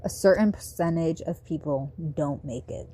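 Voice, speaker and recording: Woman voicing a quiet, grave teen boy vampire. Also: deep voice. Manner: quiet, slow and serious.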